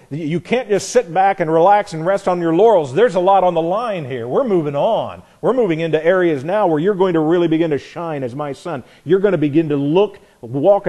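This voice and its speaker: A man's voice: on the high side, dark tone. A man teaching a Bible class in an earnest, emphatic way, piling up repeated phrases and often correcting himself mid-sentence. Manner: frequent restarts and self-corrections.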